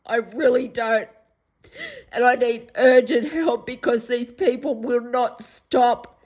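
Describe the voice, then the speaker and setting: An Australian woman in a distressed personal vlog monologue, upset and pleading, repeating herself, her voice going hoarse. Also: a little high, steady tone, takes it slowly, darkish tone, lo-fi sound. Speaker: vlogger.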